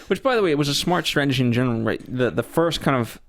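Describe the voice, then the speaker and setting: Gravelly-voiced man reviewing films. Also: medium pitch, fast. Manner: rambling, with many restarts, animated. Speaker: co-host of a movie review show. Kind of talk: casual film review chat.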